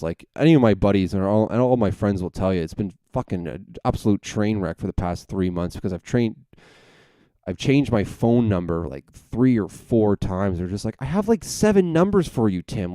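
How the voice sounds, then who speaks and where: A man's voice: lowish voice, mellow, dry recording. A young man hosting a podcast, telling a rambling, profane story full of self-corrections in a casual monologue. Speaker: podcast host.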